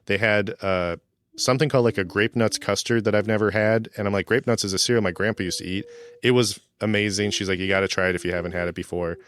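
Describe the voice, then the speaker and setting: A man co-hosting a podcast, telling relaxed anecdotes in casual chat. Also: fairly low pitch, quick pace. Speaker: podcast co-host.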